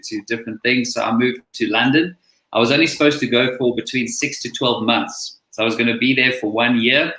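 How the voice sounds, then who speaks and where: A man's voice: mid-range voice, sharp tone, echoey room, poor audio. A man from South Africa with a South African accent, a chiropractor telling his story in a casual interview over a video call. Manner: friendly, earnest, storytelling. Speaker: guest, chiropractor and coach.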